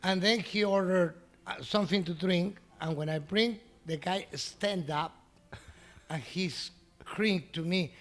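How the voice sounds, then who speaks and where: A middle-aged man whose first language is Spanish tells an animated story in broken English, laughing often and acting out the voices of other people. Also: high voice, slow. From Mexico. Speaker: restaurant owner. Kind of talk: storytelling in an interview.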